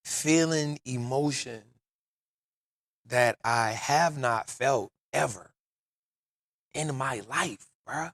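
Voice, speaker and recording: A man's voice: mid-range voice, very slow, pauses often, fairly bright tone, no echo, studio quality. A man, telling stories emphatically on a casual podcast, often saying "bro" and "real talk". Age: 40s. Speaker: podcast host.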